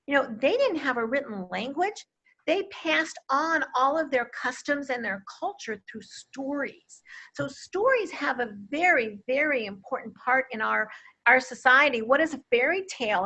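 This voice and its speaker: A woman's voice: high-pitched, bright, forceful tone, husky. A woman who works as a communication coach, speaking in an interview and making her points with emphatic examples. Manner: emphatic, quotes vivid examples. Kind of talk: interview conversation. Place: Akron, Ohio.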